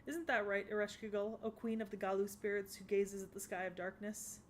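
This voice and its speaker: A woman's voice: medium pitch, steady tone, fairly quick, slight background noise, natural voice. A woman voicing a mocking, vain goddess. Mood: scornful. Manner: scornful and taunting. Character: vain, mocking young goddess, sharp-tongued rival. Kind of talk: English anime dub acting.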